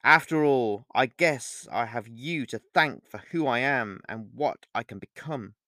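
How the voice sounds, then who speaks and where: A man playing a possessive young male werewolf in an audiobook reading, speaking in a calm, low and menacing way. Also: measured pace, dry recording, clean studio sound.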